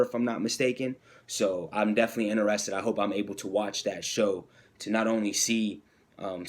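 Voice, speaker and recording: A man hosting a podcast, chatting casually and enthusiastically through a wrestling recap, full of fillers and restarts. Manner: acts out quotes in a higher voice. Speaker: podcast host.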